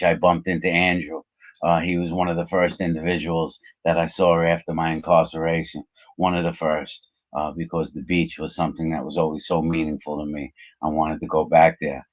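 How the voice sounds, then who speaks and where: Host, middle-aged man, very deep voice, measured and reflective delivery with fillers. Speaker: channel host, former prisoner. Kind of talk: casual conversational chat.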